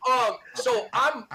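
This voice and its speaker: A man hosting a casual podcast, excitable and laughing easily while calling on his co-hosts. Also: very high-pitched. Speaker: podcast host.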